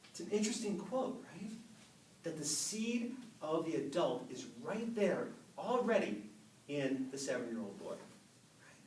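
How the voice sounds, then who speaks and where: Man in his 50s, animated storyteller at a speaking club, up-and-down pitch, recorded from afar in a roomy hall with faint hiss. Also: measured pace. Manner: animated, storytelling, laughs with the audience. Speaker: Toastmasters speaker. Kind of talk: public speech. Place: meeting room with a live audience. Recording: echoey room, mic from far off, faint noise.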